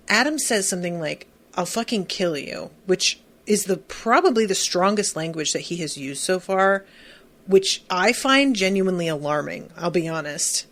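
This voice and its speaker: A woman's voice: medium pitch, a bit bright. A woman hosting a podcast, recapping a TV episode in a casual, gushing, emphatic way with lots of fillers. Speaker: podcast host.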